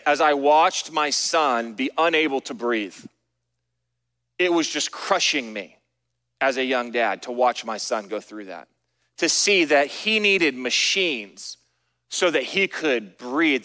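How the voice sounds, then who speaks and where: A middle-aged man preaching a sermon as a pastor, telling his story earnestly and dropping to soft, hushed words at tender points. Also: medium pitch. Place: church sanctuary. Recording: long reverb of a church hall.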